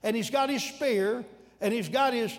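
Man, preacher, very high voice, folksy animated sermon, sudden shouts, long church-hall reverb. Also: normal speed.

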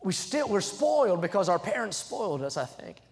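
A young man preaching in a church sanctuary, his fairly high voice carrying a long hall reverb. He drives his points with emphasis and swells into loud, fervent peaks. Between points he reads scripture aloud. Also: sing-song, brisk. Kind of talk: sermon.

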